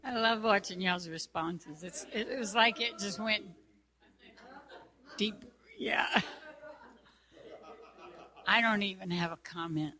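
Bright-voiced woman musing casually. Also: mid-range voice, slow pace, pauses often. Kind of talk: casual chat.

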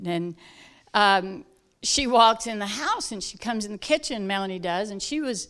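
A woman from South Georgia, telling a personal story in casual talk, animated and acting out the voices of the people in it. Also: medium pitch, normal speed. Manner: animated, acts out quoted voices loudly, laughs while telling. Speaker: guest telling a testimony.

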